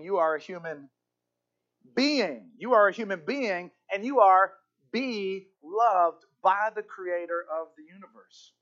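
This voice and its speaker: Man preaching, high voice, fervent sermon, repeats key words, slightly dull recording. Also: fairly bright tone. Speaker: pastor.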